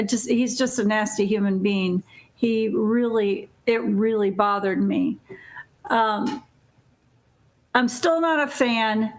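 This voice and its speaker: A woman's voice: medium pitch, gravelly. A woman co-hosting a casual podcast chat, talking hesitantly with many fillers and restarts. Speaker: podcast co-host.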